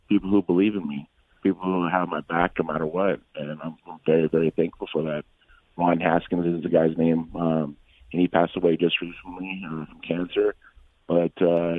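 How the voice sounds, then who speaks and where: A middle-aged man, a former fighter, telling stories from his career as an interview guest, rambling with frequent pauses and restarts. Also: sits low, no room sound. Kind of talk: casual storytelling in an interview. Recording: tinny phone-like line, dry.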